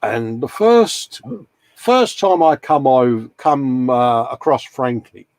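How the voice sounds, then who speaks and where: A man's voice: mid-range voice, expressive, takes it slowly, a little mellow, dry recording. Chatty man, dry close sound. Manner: chatty, rambling, calls people mate. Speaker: host. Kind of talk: casual live-stream chat.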